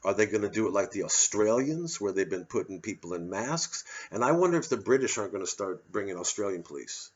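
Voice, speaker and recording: A man's voice: fairly low pitch, expressive, a little fast, hardly any pauses. Male comic, angry sardonic rant, profane, somewhat muffled audio. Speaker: comedian doing a solo show. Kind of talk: ranting monologue. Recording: slightly dull lo-fi audio.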